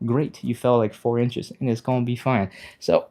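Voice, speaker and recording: A man hosting a live stretching class, explaining each step casually, answering chat and laughing often, sometimes yelping in a high panicky voice to act out fear. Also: steady tone, normal speed, dark tone. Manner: acts out panicky inner voices in a high yelp. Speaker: stretching instructor, live stream host. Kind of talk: live-streamed workout instruction, reading chat.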